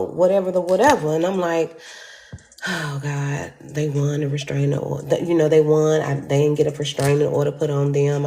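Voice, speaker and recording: A woman telling a story in an animated, profane way, acting out quotes with sudden jumps in pitch. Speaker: storyteller vlogger.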